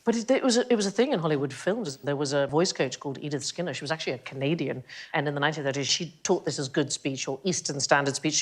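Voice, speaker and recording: A woman hosting a comedy panel quiz, explaining facts playfully and laughing often. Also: low voice. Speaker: quiz show host.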